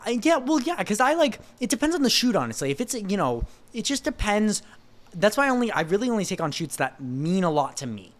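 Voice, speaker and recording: A young man, a car photographer, telling animated stories in a casual podcast chat. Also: sits high. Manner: animated storyteller, quick laughs.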